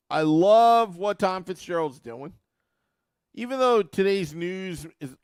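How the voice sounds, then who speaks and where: A podcast host talks sports casually and animatedly to his listeners, mocking fans with a put-on accent. His fairly high voice is clean, recorded in a clean studio with no room sound.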